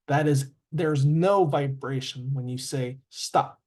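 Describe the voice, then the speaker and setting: A man teaching a grammar lesson, halting with fillers and self-corrections and sounding out word endings. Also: mid-range voice, darkish tone. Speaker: English teacher.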